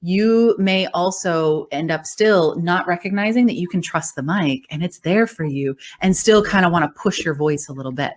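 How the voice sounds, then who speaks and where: A woman's voice: on the low side, moderate pace, few pauses. A woman voice coach and speech-language pathologist, explaining in a conversational interview with an encouraging, upbeat manner and frequent laughter.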